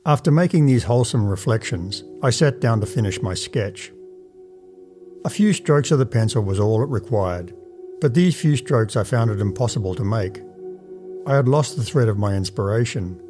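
Mellow male audiobook narrator. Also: fairly low pitch, expressive, soft background music. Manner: measured, formal storytelling in first person.

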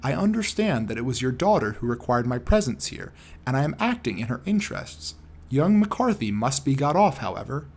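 A man reading as a precise, calm detective. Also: mid-range voice, breathy edge. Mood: reassuring. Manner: measured, precise and reasoning. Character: shrewd, calm male detective explaining deductions. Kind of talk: audiobook character reading.

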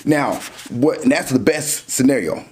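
A man's voice: mid-range voice, unhurried. Man casually explaining on his podcast. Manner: explains through everyday examples, animated when acting out scenes. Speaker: dating podcast host.

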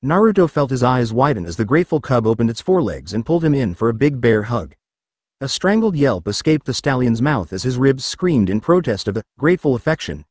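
A man reading a fan fiction story aloud as narrator, animated storytelling. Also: mid-range voice, brisk, dry recording.

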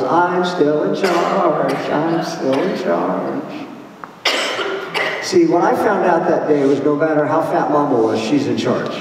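Guy telling parenting stories at a church conference, voice a bit high for a man, faint hiss behind. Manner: plainspoken, storytelling with quoted dialogue. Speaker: conference speaker. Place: church hall. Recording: echoey hall from far off.

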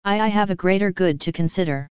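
A woman's voice: on the low side, quick pace, a little mellow, clean tone, no room sound, close to an everyday voice. A woman voicing a proud, secretive elder princess mare who speaks in a quavering, defensive way, in a storybook reading. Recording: dull lo-fi recording.

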